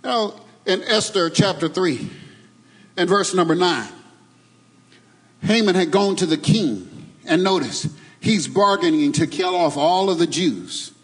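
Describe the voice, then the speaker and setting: A man's voice: high voice, expressive, measured pace, a bit bright, slightly rough, rough recording. A man preaching a sermon to his congregation, emphatic, with a sing-song cadence and asides to the crowd. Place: church sanctuary.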